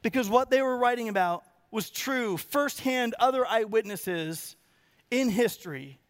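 High-voiced preacher man, animated delivery. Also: a little slow, dry recording. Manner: animated, acts out quotes in varied voices. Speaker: pastor. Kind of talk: sermon.

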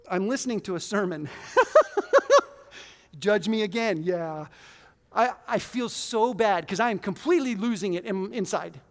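A man in his forties preaching a conversational, self-deprecating sermon in a church hall, with sudden loud bursts. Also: high voice. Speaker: pastor.

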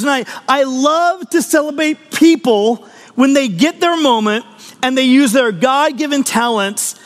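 High-voiced man preaching in a reverberant space. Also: normal speed, fairly bright tone. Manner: earnest, personal, with frequent restarts. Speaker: pastor. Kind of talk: conversational podcast sermon.

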